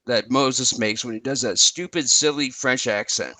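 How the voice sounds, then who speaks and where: A man's voice: medium pitch, steady tone, fairly quick, pushed and bright, dry recording, distant mic. A man on a casual fan-show podcast panel with a dry joking delivery. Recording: slightly off-mic voice, dry.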